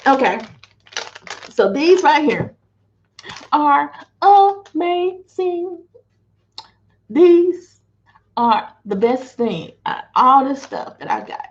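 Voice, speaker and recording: A chatty woman with a fairly high voice talks through her day at an easy, slow pace. She is casual and homey, showing things to the camera as she goes. The sound is dull and lo-fi, like a home video. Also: animated. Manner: chatty, unhurried, showing food items to camera. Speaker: financial wellness coach sharing diet vlog. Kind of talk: casual chat.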